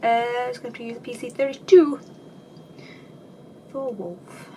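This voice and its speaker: A high-pitched woman talks through her makeup tutorial in a loose, chatty way. She is self-deprecating and slips into dry sarcasm. A clear hum of background noise sits under the home recording. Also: moderate pace, mellow. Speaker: beauty vlogger. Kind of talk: casual makeup tutorial chat.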